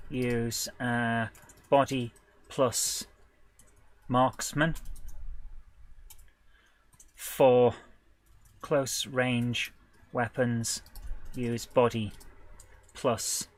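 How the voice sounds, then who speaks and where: A man designing a tabletop game live, thinking aloud in a hesitant, halting way, stopping and correcting himself, with bursts of excitement when an idea lands. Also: medium pitch. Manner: hesitant, halting, full of restarts and self-corrections. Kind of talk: thinking aloud while working.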